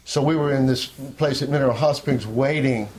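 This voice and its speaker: An older man telling a personal story in a candid, rambling way, at times sinking to a soft near-whisper. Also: medium pitch, moderate pace. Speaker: interviewee.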